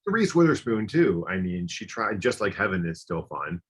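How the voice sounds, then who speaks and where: A man's voice: deep voice, big pitch swings, normal speed, fairly bright tone, breathy edge. A man co-hosting a podcast, chatting casually and enthusiastically, rambling with lots of fillers. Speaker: podcast co-host. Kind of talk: casual chat.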